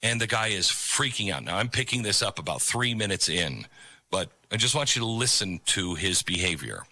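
A man's voice: lowish voice, big pitch swings, normal speed, pushed and bright, no echo. A middle-aged man hosting an opinion commentary show, talking in an emphatic, preachy way about a video clip. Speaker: commentary host.

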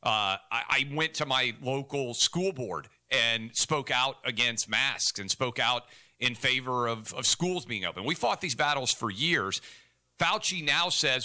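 A male talk radio co-host with a very bright, tense edge to his mid-pitched voice. He argues his case indignantly and with force. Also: a little slow. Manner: indignant, argumentative. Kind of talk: opinionated talk radio commentary.

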